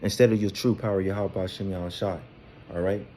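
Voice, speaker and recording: His voice sits low and dark, fairly even in intonation and fairly quick, with a bit of hiss or hum. He's a Bible teacher in an informal scripture lesson, rambling with fillers and repeats and ending almost every phrase with "all right?"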